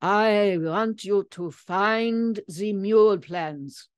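A woman voicing a burly French nobleman with a French accent, booming and theatrical. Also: drawn-out words, clean tone, dry recording, studio quality. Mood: urgent. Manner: booming, exclamatory.

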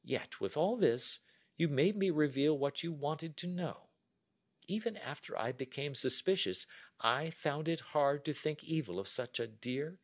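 A man reading as a poised, lively young woman. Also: medium pitch, pitched above the performer's own voice, full character voice. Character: clever young woman writing a farewell letter. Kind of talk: storybook reading for learners.

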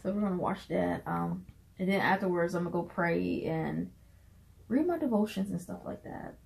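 A woman's voice: on the low side, moderate pace, creaky, a little mellow, low-quality recording. A woman with a Southern US accent, chatting in a bubbly, laughing way on a casual vlog. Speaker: vlogger and minister.

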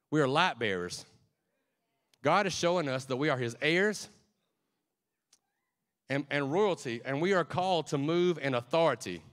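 Sex: male. Role: preacher. Style: sermon. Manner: fervent and conversational, becoming emotional. Pitch: average for a man.

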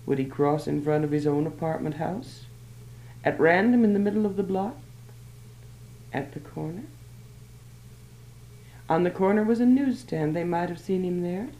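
A woman author reading her own short story aloud in a measured, plain narration. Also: on the low side, warm tone. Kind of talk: literary reading. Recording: roomy old archive recording.

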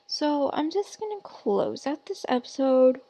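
A woman's voice: sits high, big pitch swings, a little slow, dark tone, no echo. A woman who runs a gaming channel, giving casual commentary over gameplay in a chatty, rambling way with lots of fillers and some sassy asides to her game character. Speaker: gaming YouTuber.

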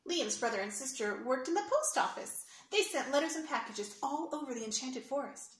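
Lady reading a kids picture book, explains words, points at pics, higher voice, echoey room w faint hiss. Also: animated, normal speed, hardly any pauses. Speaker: storyteller for children.

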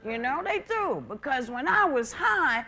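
A woman performing live stand-up comedy on a theater stage, talking in a profane, conversational way and mocking people with quick impressions. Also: sits high, very animated. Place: theater stage with laughing audience. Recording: noisy VHS live recording with loud crowd.

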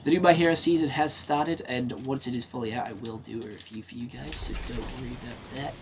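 A man's voice: medium pitch, steady tone, fairly quick, a little hiss or hum. A man giving casual gameplay commentary, swearing freely and talking himself through a match. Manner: swears freely, talks to himself while playing. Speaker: gaming streamer.

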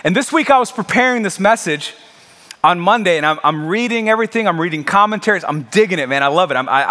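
Impassioned high-voiced man preaching. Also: sharp tone, long reverb tail. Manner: impassioned, conversational preaching with emphatic repetition. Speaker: pastor. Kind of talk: sermon. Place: church sanctuary.

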